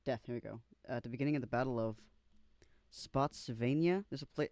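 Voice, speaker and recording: A man's voice: medium pitch, brisk, darkish tone, no room sound. A young man reacting casually as he reads aloud, using slang and swearing, stumbling over words as he goes. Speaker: vlogger.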